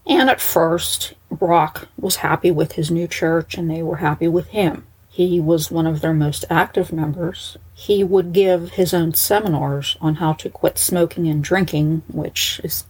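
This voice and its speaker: A woman narrates in a loose, conversational way and keeps breaking off for wry personal asides. Her voice is a little husky and sits on the low side. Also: steady tone, a little slow, few pauses, darkish tone, rough recording. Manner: chatty, aside-prone, wry. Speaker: storyteller. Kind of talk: casual narration.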